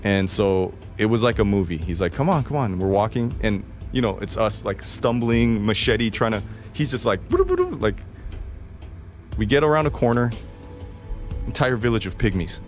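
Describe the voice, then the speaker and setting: A man's voice: lowish voice, normal speed, soft background music. A man in his forties telling a casual anecdote in a loose, profane way, laughing easily. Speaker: guest storyteller in a played clip.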